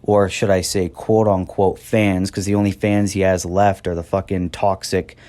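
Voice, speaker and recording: A man's voice: low voice, little pitch movement, normal speed, mellow. Fired-up young man ranting angrily. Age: 20s. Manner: angry, profane, sarcastic, mocks others in a whiny voice. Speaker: wrestling commentator. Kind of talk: heated rant.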